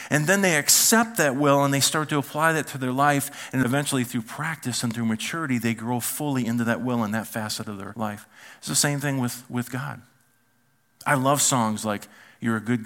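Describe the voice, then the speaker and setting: A man, a pastor, preaching a conversational sermon and asking the congregation questions. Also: medium pitch. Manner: animated, asks the congregation questions.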